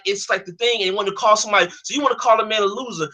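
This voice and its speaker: Heated young man ranting, tense and bright. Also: high-pitched, fast talker, few pauses. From United States. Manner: heated, profane, repeats and restarts phrases. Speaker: streamer. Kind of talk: angry ranting monologue.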